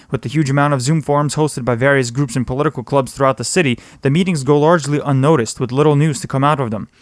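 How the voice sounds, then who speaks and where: Brisk man reading a news roundup. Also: mid-range voice, no room sound, studio quality. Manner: brisk, steady read. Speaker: news podcast host.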